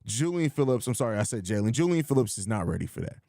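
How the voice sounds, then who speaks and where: Man, podcast host, casual live chat, blunt, emphatic, mid pitch, dry close sound. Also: sing-song, quick pace, dark tone, dry recording. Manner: blunt, emphatic, reads out viewer comments.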